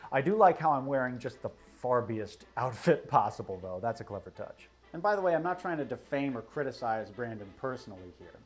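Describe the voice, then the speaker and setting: A man's voice: mid-range voice, sing-song, brisk, few pauses. A man giving scripted video commentary in a wry, self-critical and emphatic way. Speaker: history video creator.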